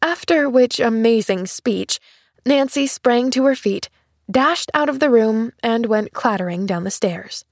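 A woman narrating a classic children's story in a measured, gentle storytelling voice. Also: a little high, lively intonation, dry recording, studio quality. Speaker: audiobook narrator.

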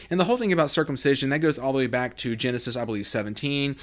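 A man hosting a Bible study podcast, reading scripture aloud and explaining it, acting out quoted lines with big pitch jumps. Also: expressive, very fast, hardly any pauses.

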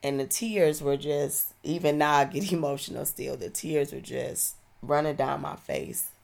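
Woman, 40s; deep, heavily creaky voice; slow, heartfelt testimony. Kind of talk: personal testimony.

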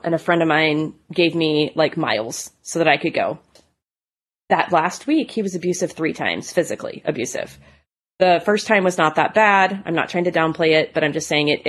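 A woman in her thirties telling her own story in a candid, conversational way, full of "like" and "you know". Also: on the low side. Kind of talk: personal testimony.

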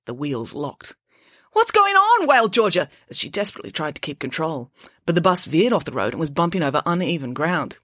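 A woman author narrating her children's adventure book aloud with an expressive storytelling manner. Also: low-pitched, no echo, studio quality. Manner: lively, expressive reading. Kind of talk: storybook narration with character voices.

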